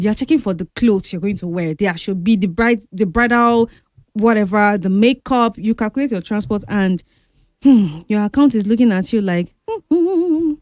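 A young woman telling a story in a chatty, animated, dramatic way. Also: mid-range voice, no echo, clean studio sound. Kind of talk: casual storytelling to camera.

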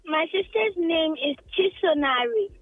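A woman's voice: very high voice, lively intonation, a little slow, no room sound. A polite female caller who answers a radio host's questions briefly. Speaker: young caller. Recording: tinny phone line.

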